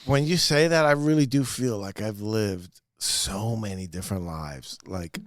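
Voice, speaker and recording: A man's voice: on the low side, measured pace, no room sound, clean studio sound. A man hosting a casual podcast chat, a stand-up comedian who talks candidly and laughs often. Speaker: podcast host.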